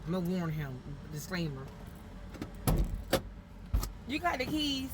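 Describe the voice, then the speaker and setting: A woman's voice: fairly low pitch, sing-song, measured pace, background noise. A woman live-streaming from a car on her phone, chatting casually with her viewers in a folksy, upbeat way. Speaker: vlogger.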